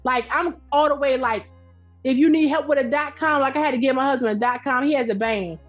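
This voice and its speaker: A middle-aged woman talks as a podcast guest in a loud, direct, animated way, spinning stories with easy laughter. Her voice sits high. The recording sounds a bit dull and lo-fi. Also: brisk, faint music behind. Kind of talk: casual interview chat.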